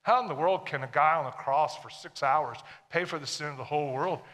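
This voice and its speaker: A man's voice: fairly high pitch, brisk, a bit bright, big-room sound. A man preaching a sermon to a congregation, emphatic and full of questions to the listeners. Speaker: pastor.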